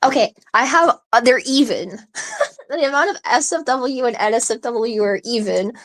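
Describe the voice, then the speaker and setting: A woman's voice: fairly high pitch, animated, moderate pace. A woman hosting a live audio stream, chatting casually in a rambling, giggly way full of "like" and restarts, with hiccups. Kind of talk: casual chat.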